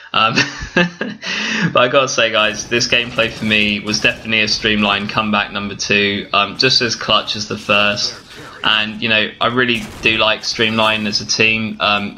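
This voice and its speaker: A man giving excited, breathless commentary over his own gameplay, talking straight to his viewers. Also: on the low side, a little hiss or hum. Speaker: gaming video commentator.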